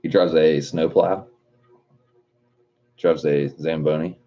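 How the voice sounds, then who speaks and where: A male livestream host with a mellow bass voice and fairly even intonation reads viewer comments aloud at a slow pace, laughing and cursing as he goes. The stream audio sounds dull and lo-fi.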